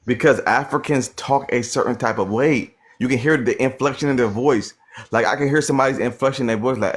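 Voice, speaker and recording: A man's voice: medium pitch, fairly quick, slightly rough. A man arguing on a live stream, insistent and repeating himself. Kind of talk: heated live stream argument.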